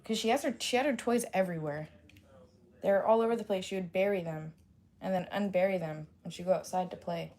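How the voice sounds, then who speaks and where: A woman's voice: lowish voice, fast talker, darkish tone. Laughing, swearing woman streamer. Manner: rambling and laughing, swears freely, lots of fillers. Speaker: livestream host. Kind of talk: casual chat to a live chat.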